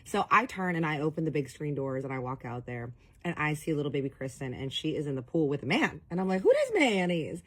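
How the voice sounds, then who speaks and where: Low-voiced woman telling a story. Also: fast talker, few pauses. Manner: animated, chatty, acts out dialogue. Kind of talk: casual storytime monologue.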